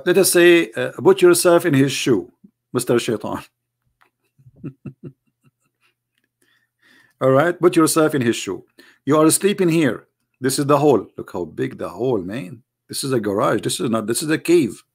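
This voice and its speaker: A man's voice: a little high, creaky, slightly rough. Sarcastic man with an Arabic accent. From Arab world. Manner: mocking, rhetorical, speaks straight to the audience. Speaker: online religion critic. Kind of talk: sarcastic monologue to viewers.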